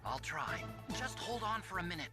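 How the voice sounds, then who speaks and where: A nervous young hacker. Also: male voice, high-pitched, very animated, normal speed, loud music behind the voice. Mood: helpful.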